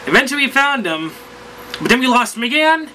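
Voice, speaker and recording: Guy vlogger with a high bright voice, rambling casual story, tons of likes and you-knows. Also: a little fast, slight background noise, rough recording. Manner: rambling, animated, lots of fillers.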